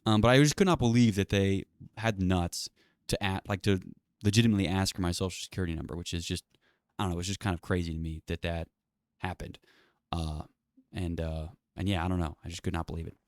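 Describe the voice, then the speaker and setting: A man hosting his own show in a loose, rambling monologue, sarcastic and profane. He talks fast in a low, smooth voice, in a dry, close recording. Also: fairly even intonation, dry recording. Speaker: channel host. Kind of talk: casual solo monologue.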